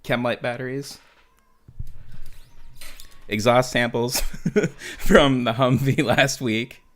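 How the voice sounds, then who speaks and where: Taking his time, a medium-pitched American man hosts a relaxed podcast and recounts military stories thick with cursing. He keeps laughing throughout, giving the chat a profane, lively storytelling feel.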